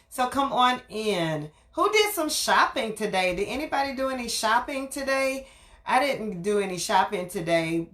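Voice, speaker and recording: A woman's voice: a little high, fairly bright tone. Upbeat woman hosting a late-night livestream. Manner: upbeat, repetitive welcoming greetings. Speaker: livestream host. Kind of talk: casual live-stream chat.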